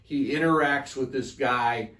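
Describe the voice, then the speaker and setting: A man co-leading a church Bible study reflects aloud in a conversational teaching style, often beginning his thoughts with a repeated "I think." His mid-range voice is a little slow with a sharp tone, recorded in an echoey room from a distant mic.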